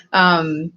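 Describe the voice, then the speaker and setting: A woman's voice: lowish voice, fairly bright tone, dull audio. A middle-aged woman hosting a casual live chat with viewers, rambling and laughing often. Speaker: livestream host.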